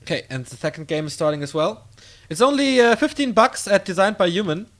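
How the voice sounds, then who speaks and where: A man casting a strategy game on his own, calling the action in quick play-by-play and rambling casually to viewers between games. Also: high voice. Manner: excitable play-by-play, drifting into loose rambling asides between games. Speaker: esports caster. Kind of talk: solo game commentary with casual chat.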